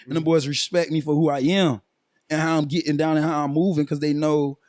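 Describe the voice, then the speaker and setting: A man's voice: on the high side, little pitch movement, fast, darkish tone, no room sound, clean studio sound. A man in his twenties, a guest musician, talking casually and at length with slang and frequent check-ins like "you feel me" on a podcast. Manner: laid-back slang-heavy storytelling, frequent "you feel me".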